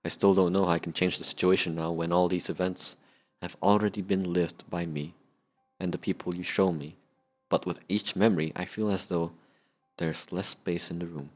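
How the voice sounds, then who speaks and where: Low plain voice, a man reading as a young bartender recalling his sins, subdued. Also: fairly even intonation, moderate pace.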